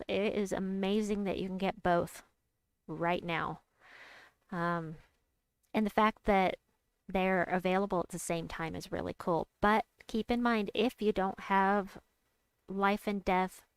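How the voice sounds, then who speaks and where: A young adult woman gives casual commentary over her gameplay. Her voice is smooth and clear at a middle pitch, recorded close and dry. She chats with her viewers and breaks into excited squeals at big moves. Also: measured pace, no room sound. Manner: chatty, reads out and answers chat, squeals with excitement. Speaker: game streamer.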